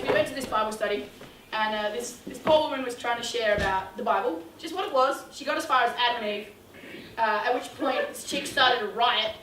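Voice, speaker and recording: A woman's voice: on the high side, noisy background. A young woman telling a funny, self-mocking story to a youth audience, acting out the quotes with big jumps in her voice. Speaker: youth ministry speaker. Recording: roomy hall sound from a distance.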